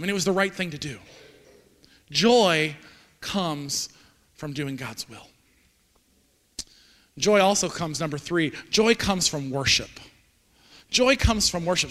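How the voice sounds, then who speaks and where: A man in his forties preaching a sermon in a church, earnest and halting, repeating words when moved. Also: sits high, pushed and bright. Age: 40s. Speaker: pastor. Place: church sanctuary. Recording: long hall reverb.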